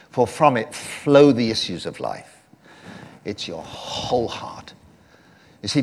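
Male preacher, lively pitch, animated sermon delivery, soft-to-loud swings.

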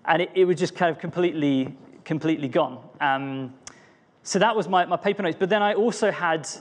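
Young man, earnest devotional talk, fairly high voice. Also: fairly quick. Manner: earnest, personal, with many restarts. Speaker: preacher.

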